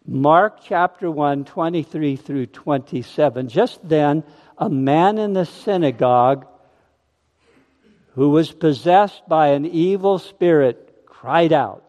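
A male pastor preaches at an unhurried, deliberate pace with a slightly raised voice. His words are emphatic. They ring out in a long hall reverb. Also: fairly high pitch, a little mellow, dull audio. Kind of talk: sermon.

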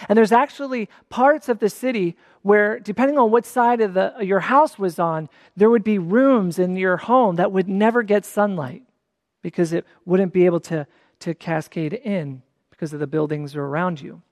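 A preacher delivering a sermon in a relaxed, talky manner, stressing key words by repeating them. The voice sits at a middle pitch, and a long hall reverb trails behind each phrase. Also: normal speed, clean studio sound. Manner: conversational, with restarts and emphatic repeats. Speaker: pastor.

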